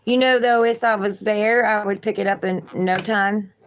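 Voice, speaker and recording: A woman's voice: mid-range voice, fairly even intonation, normal speed, a little hiss or hum. A woman with a Southern accent, reading tarot cards on a live stream and chatting encouragingly with viewers. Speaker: tarot reader.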